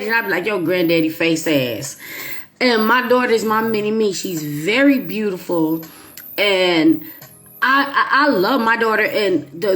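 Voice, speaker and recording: Animated woman storytelling to her viewers. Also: medium pitch. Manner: animated, emphatic, with playful asides. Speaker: YouTube channel host. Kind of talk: casual storytelling monologue to viewers.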